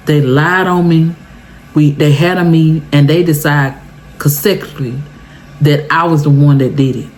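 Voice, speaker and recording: A woman telling a personal story for her vlog in a casual, animated way, talking straight to her viewers and jumping high in pitch for emphasis. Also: moderate pace, slight background noise. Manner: colloquial, talks straight to viewers. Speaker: storytime vlogger.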